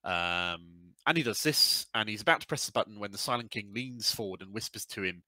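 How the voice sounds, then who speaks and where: A man's voice: lowish voice, expressive, fairly quick, pushed and bright, no echo, low-quality recording. A man co-hosting a podcast in casual chat, rambling with fillers and the odd swear. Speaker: podcast co-host.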